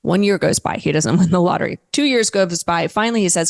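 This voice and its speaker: A woman speaking as a podcast guest, candid and lively, slipping in a casual swear now and then. Her voice sits a little low for a woman. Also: quick pace, creaky, few pauses. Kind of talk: casual interview talk.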